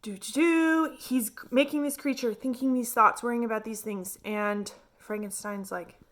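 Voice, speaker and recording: A woman's voice: a little high, moderate pace, fairly bright tone. A woman reviewing a novel in casual, chatty talk full of filler words. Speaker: book reviewer. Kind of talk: casual chat.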